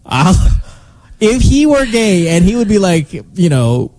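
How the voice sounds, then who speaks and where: Brief: male morning radio host, lively swooping pitch, slightly high, rambling and joking. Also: measured pace, slight background noise. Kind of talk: casual morning radio chat. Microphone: studio microphone.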